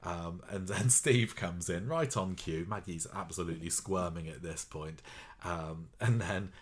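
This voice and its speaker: A man's voice: low-pitched, a little slow. A man co-hosting a podcast, recapping a soap in a rambling chat with wry asides. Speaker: podcast co-host.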